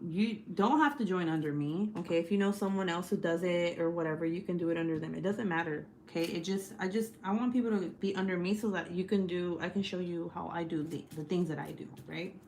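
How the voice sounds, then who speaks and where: A woman's voice: lowish voice, moderate pace, a little mellow, slight background noise. A young woman hosting a casual livestream, chatty and profane, leaning on lots of "like" fillers. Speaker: YouTube host.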